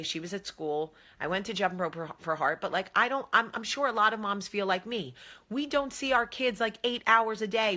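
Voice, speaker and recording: A woman in her thirties, a vlog host telling chatty, animated stories about her family. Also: medium pitch. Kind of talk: casual chat.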